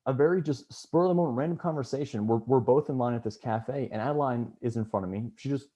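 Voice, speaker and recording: A man's voice: medium pitch, fast, warm tone. A young man giving a casual farewell speech on a video call, telling a story with many fillers and restarts. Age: young adult. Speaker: student government member. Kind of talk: farewell speech at online meeting.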